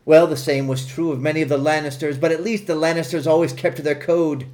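A man's voice: fairly high pitch, steady tone, quick pace, darkish tone. Man narrating comic fan fiction. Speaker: podcast co-host.

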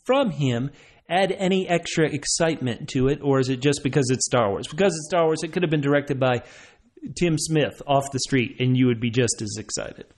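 A man hosting a podcast in casual chat, enthusiastic and quick to laugh. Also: medium pitch, darkish tone. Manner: chatty, laughs often, enthusiastic. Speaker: podcast host.

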